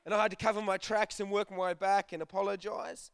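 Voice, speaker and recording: A man's voice: high voice, level tone, fast, smooth, no echo, studio quality. A young man giving a casual, joking sermon to a youth group, telling stories and acting out bits of dialogue. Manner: chatty, jokey, acts out dialogue. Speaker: youth preacher.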